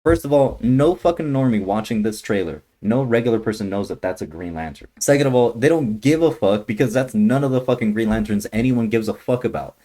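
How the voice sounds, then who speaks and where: A young man ranting through a trailer reaction, blunt and heavily profane, swinging from grumbling to shouting outrage. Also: lowish voice, fairly quick, hardly any pauses. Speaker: YouTuber reacting to a movie trailer.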